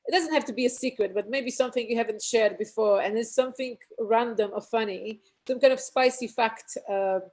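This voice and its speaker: A woman's voice: a little high, brisk, few pauses, a little mellow. A woman from Poland hosting a podcast, chatty and hesitant with frequent ums, on a video call. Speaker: podcast host. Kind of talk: casual podcast chat.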